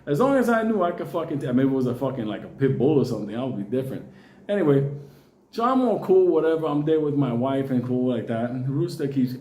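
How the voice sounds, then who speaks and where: A man's voice: medium pitch, sing-song, fast, warm tone, reverberant. A Puerto Rican man telling a long personal story in a casual, profane way, often laughing.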